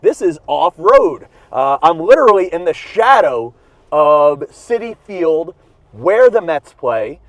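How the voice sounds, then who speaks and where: A man rambles freeform to a video camera in his car, piling up fillers and restarts. His voice sits a little high and he is slightly out of breath. The sound is close and dry, with almost no room around it. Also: big pitch swings, slow, dry recording. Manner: rambling, self-mocking, many fillers and restarts. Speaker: comedian and podcast host. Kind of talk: rambling freeform podcast talk while driving. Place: inside his car in cold weather.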